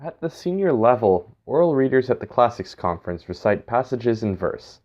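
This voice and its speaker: A man giving a scripted educational narration in a measured, explanatory way. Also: mid-range voice, lively intonation, darkish tone. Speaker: instructor. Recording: dull, lo-fi recording.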